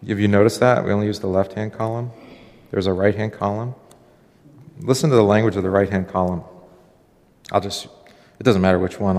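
A pastor giving a relaxed, conversational sermon, his low voice carrying some gravel. He drops into quick acted-out exchanges and trips over restarts as he goes. The sound rings out in a long hall reverb. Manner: conversational, acts out dialogue, frequent fillers and restarts.

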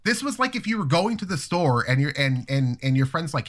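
A young man in a casual chat, telling a long story in a rambling, profane, animated way. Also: fairly high pitch, a little fast. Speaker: storyteller guest.

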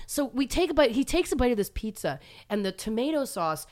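A woman from Toronto tells a story in casual podcast chat. Her pitch swings widely and she laughs often at her own embarrassment. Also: brisk. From Toronto, Canada. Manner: animated, laughs often, self-deprecating.

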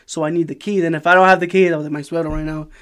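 A man, casually telling an animated, profanity-laden story on a podcast and laughing as he goes. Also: fairly high pitch, rapid-fire. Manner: animated, swears a lot, laughs while telling. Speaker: podcast host.

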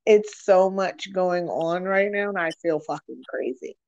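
A woman's voice: on the low side, measured pace, darkish tone, highs cut off. A young woman hosting a candid podcast chat, talking frankly and with lots of swearing, rambling through her thoughts with many fillers. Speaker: podcast host.

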